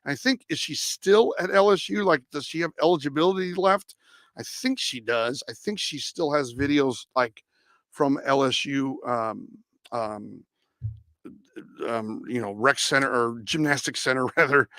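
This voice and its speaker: Rambling sports stream host, dry. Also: male voice, mid-range voice, unhurried, fairly bright tone, no echo. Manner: rambling, self-correcting, stumbles over player names. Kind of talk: casual live-stream chat reading comments.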